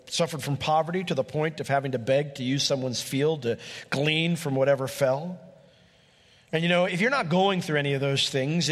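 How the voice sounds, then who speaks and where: A man's voice: on the high side, a bit bright. A man preaching an evening sermon, reading scripture aloud and explaining it earnestly, with rising emphasis on his key points. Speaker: pastor. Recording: long reverb of a large hall.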